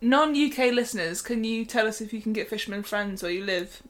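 A woman's voice: a little high, expressive, a little fast. A British woman co-hosting a podcast, teasing her co-host while steering the conversation along. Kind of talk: casual chat.

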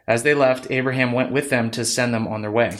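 A man hosting a podcast, reading Bible passages aloud in a plain, steady voice. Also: mid-range voice, brisk. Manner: plain steady narration, casual with fillers in sign-off. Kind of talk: scripture reading.

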